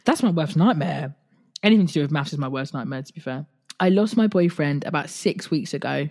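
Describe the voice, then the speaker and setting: A woman's voice: low voice, a little fast. Chatty woman podcaster. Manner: chatty, laughing, animated retelling. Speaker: podcast host. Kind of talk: casual podcast chat reading listener stories.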